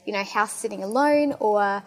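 Chatty excitable young Australian woman. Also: mid-range voice, moderate pace. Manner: chatty and excitable, full of fillers. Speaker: podcast host. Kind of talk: casual monologue.

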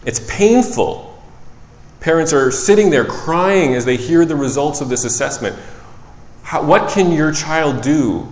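A man preaching a sermon in a relaxed, conversational way, who often corrects himself and tells stories from his work as a child psychologist. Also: a little high, measured pace. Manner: conversational, self-correcting, animated storytelling. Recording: echoey hall with long reverb.

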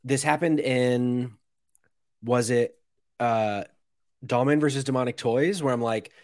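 A man's voice: mid-range voice, measured pace, darkish tone, dry recording, clean studio sound. A man co-hosting a movie podcast, blunt and sarcastic, swearing as he rants. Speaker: podcast co-host. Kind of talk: casual podcast banter.

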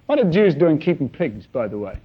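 A man preaching a sermon, telling stories in an animated way with acted-out sounds. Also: a little high, fairly quick, breathy edge, dull audio. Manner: animated storytelling with shouted sound effects.

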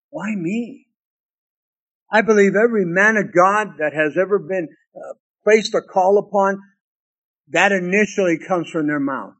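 Man preaching, high-pitched, unhurried, reads scripture and muses aloud. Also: a bit bright. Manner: slow, deliberate Bible reading with musing asides. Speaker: pastor. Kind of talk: sermon.

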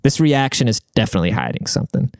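A man's voice: mid-range voice, very animated, fast, creaky, smooth, no room sound, clean studio sound. A young man hosting an advice podcast, crude and emphatic, swearing freely as he reacts to listener letters. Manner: profane, blunt, emphatic. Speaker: podcast host giving advice. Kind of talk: crude casual advice rant.

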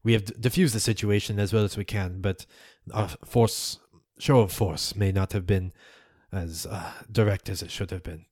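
A stammering, deferential cult underling, voiced by a man running the game, fumbles to explain himself to his lord. His voice is fairly low, and the sound is close and dry. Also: fairly even intonation, moderate pace, few pauses, darkish tone, no room sound, natural voice. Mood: anxious. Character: nervous cloaked male cult underling.

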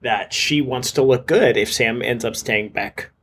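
A man's voice: mid-range voice, a little slow, a bit bright, slightly rough. A man co-hosting a podcast in casual chat, laughing often and acting out the players with dramatic impressions. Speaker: podcast co-host.

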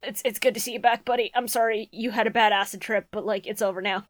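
A woman's voice: mid-range voice, steady tone, quick pace, no echo. A young adult woman co-hosting a podcast in casual chat, laughing often and swearing freely. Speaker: podcast co-host.

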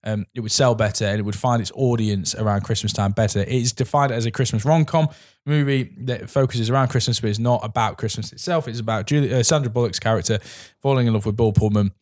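A man's voice: fairly low pitch, quick pace, few pauses, a little mellow, no room sound, clean studio sound. A man co-hosting a casual comedy podcast, chatting about films and telling trivia with wry jokes. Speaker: podcast co-host.

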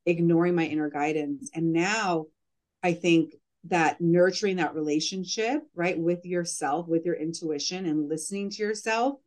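A woman's voice: on the low side, normal speed, darkish tone. A woman who coaches mothers, talking earnestly in a casual podcast interview and using "like" often.

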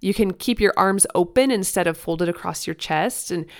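A woman's voice: lowish voice, moderate pace. A woman hosting a parenting podcast, talking earnestly and encouragingly in a casual, conversational way with fillers. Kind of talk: solo podcast advice talk.

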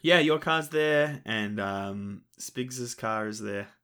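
Bright-voiced man running a tabletop game. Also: lowish voice, clean tone. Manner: casual, narrating with quick asides. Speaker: game master.

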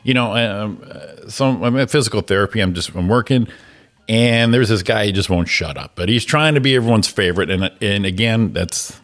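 A man's voice: on the low side, lively intonation, a little fast, fairly bright tone. A man co-hosting a morning show, ranting with a grumpy, profane manner and stammered restarts. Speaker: co-host. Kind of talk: casual chat. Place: radio studio.

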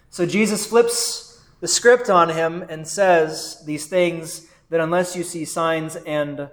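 Male pastor, high voice, slow and conversational sermon delivery, keeps asking "right?". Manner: conversational, often adds "right?"; quotes and voices figures from the text.

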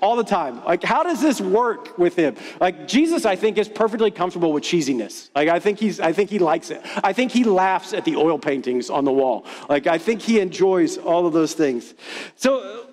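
A man with a high voice preaches in a loose, chatty, self-mocking way, telling anecdotes to his congregation. His words ring out with a long reverb, as in a large church hall. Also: expressive, normal speed, a little mellow. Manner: casual, conversational, playful and self-deprecating. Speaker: pastor. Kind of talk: sermon with storytelling.

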